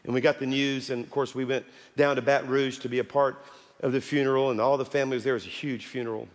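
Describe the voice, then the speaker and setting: A man preaching a sermon as pastor, building to loud calls at the congregation. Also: medium pitch, flat delivery, fast. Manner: preaching with rising shouts to the congregation. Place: large church sanctuary. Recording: long hall reverb with music underneath.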